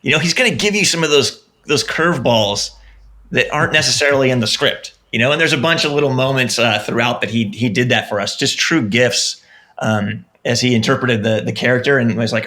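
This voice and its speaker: A film director answering as a podcast guest, earnest and halting, restarting his sentences often. His voice is bright and forceful at an ordinary pitch. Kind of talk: casual interview chat.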